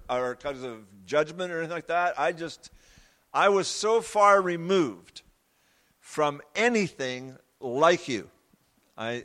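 A man preaches from his own life in an earnest, confessional way. He often halts, repeats himself and pauses mid-sentence. His medium-pitched voice carries a long echo through a church hall. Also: a bit bright, clean tone. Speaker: preacher giving his testimony. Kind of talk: sermon testimony.

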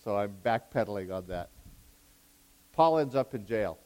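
With a lowish voice at normal speed, a man preaches excitably. Loud, fervent bursts alternate with quiet asides, and he laughs at his own jokes while backpedaling on his wording.

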